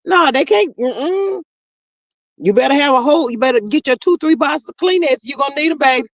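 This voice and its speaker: A woman hosting a livestream in casual chat, reading comments aloud in a chatty, drawling way that swings high and low. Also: expressive, moderate pace, no echo.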